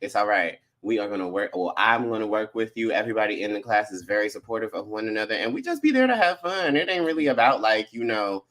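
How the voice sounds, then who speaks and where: A man co-hosting a casual chat show and teaching dance, sassy and playful with drawn-out slang. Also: on the low side, a bit bright. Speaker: co-host and dance instructor.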